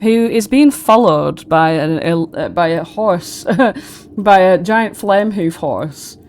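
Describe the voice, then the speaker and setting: A woman narrating a tabletop game as game master, chatty and quick to laugh. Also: lowish voice, darkish tone, a little hiss or hum. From United Kingdom. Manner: giggly, chatty, casual.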